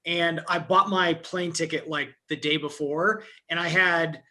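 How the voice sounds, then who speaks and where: A man's voice: on the high side, fairly even intonation, a little slow, pushed and bright. A man hosting an interview, talking in a laid-back way with rambling asides. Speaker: interview host. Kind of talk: casual interview conversation.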